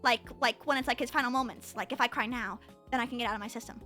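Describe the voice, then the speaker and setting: A woman's voice: on the high side, fast talker, pushed and bright, soft background music. A young woman streamer chatting casually to her viewers, rambling with lots of fillers and restarts. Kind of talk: casual livestream chat.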